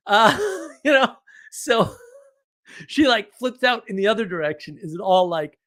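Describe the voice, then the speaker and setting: A man casually telling a story from his week, animated, laughing often and restarting his sentences. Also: high-pitched, a little slow, pauses often. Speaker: podcast host.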